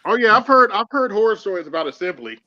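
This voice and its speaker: A man co-hosting a livestream, upbeat as he gives shout-outs for donations. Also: high-pitched, sing-song, fast talker, lo-fi sound. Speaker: co-host reading donations. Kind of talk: casual livestream chat.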